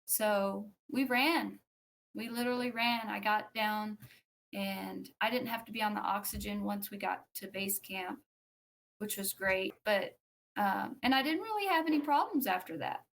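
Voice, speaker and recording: A woman, a podcast guest, tells a personal story in a conversational way, acting out what others said and pausing with fillers. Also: medium pitch, vocal fry. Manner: animated, acts out quoted speech; frequent fillers and restarts.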